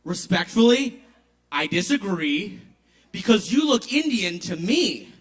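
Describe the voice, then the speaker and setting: A woman's voice: mid-range voice, big pitch swings, slow pace. A man voicing an overly earnest woman who is pleased with herself, as a quoted figure in his stand-up.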